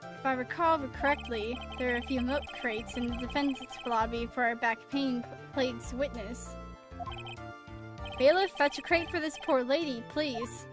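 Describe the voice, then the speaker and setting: A woman's voice: high voice, moderate pace, close to an everyday voice. A woman reading the lines of a formal elderly male judge from a courtroom game, tripping over words at times. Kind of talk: reading game dialogue aloud. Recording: game music playing under the voice.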